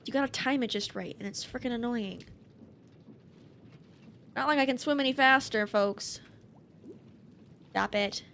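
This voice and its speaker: A woman's voice: fairly high pitch, measured pace, gravelly, pauses often, fairly bright tone, slight background noise. A woman YouTuber giving casual gameplay commentary at her desk mic, easily exasperated and breaking into outbursts and laughs. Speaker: gaming YouTuber.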